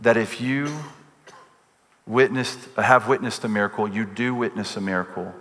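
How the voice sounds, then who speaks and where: A male pastor preaching a sermon. He tells a personal story in an animated way and acts out the voices in it. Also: fairly low pitch, moderate pace. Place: church sanctuary. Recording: long reverb with loud music behind.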